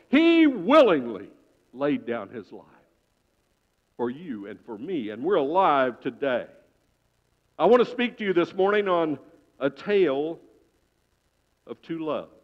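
A man preaching a sermon in church, telling a story with sudden loud swells and quiet hushed drops. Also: on the high side. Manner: dramatic storytelling, swelling loud then dropping to a hush. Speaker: pastor. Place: church sanctuary. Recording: dull reverberant church sound.

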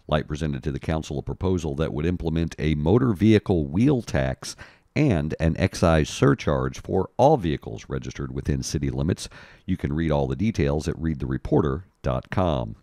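Needs a man with a very low voice, brisk scripted news read, dry close sound. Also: lively intonation, mellow, dry recording. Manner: brisk, announcer-like delivery. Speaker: local news reporter.

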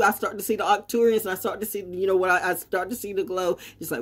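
A woman in her sixties with a husky, breathy voice, pitched in the middle for her sex. She rambles through a defiant vlog monologue, jumping from loud emphatic bursts to low muttered asides. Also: quick pace. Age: 60s. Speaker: vlogger. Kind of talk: unscripted monologue.

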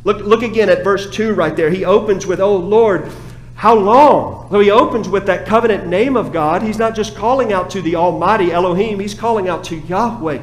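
A man preaching a sermon as pastor, passionate, dropping to a hush and then rising again. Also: high voice, fairly quick, few pauses, reverberant, rough recording. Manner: impassioned preaching, swings from hushed to raised. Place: church sanctuary.

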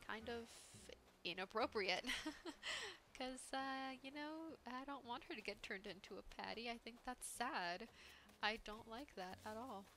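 A woman's voice: on the high side, measured pace, bright, forceful tone, slight background noise. A young woman hosting a gaming channel, chatting casually to viewers with frequent giggles as she plays. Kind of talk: casual gameplay commentary. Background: background game music.

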